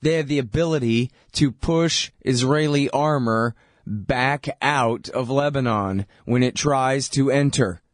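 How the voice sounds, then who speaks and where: A man's voice: mid-range voice, unhurried, no room sound, studio quality. A man hosting a radio show, delivering sarcastic, mocking political commentary.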